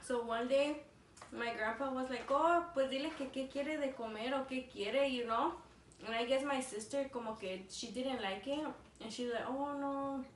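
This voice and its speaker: A young woman casually telling a story over a meal, rambling with constant "like" fillers and switching languages mid-sentence. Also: high voice. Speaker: vlogger co-host. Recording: echoey room, distant mic, faint noise.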